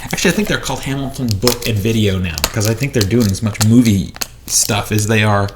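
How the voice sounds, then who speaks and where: A man's voice: fairly low pitch, brisk, background noise. A man who collects movies, chatting casually and rambling in a haul vlog while he unboxes discs in a small home studio.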